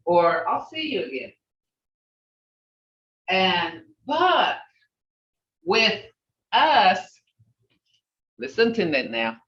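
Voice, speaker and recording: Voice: medium pitch, very animated, slow, pauses often, fairly bright tone, recorded from a distance. A language teacher leading an online class, patiently repeating phrases to model their tone. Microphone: video call. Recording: roomy, dull video-call audio.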